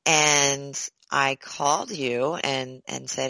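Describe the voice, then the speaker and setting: A woman chatting as a conference co-chair, high energy and excitable, often restarting and repeating words. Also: drawn-out words, hardly any pauses, no room sound, low-quality recording. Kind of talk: casual conversation.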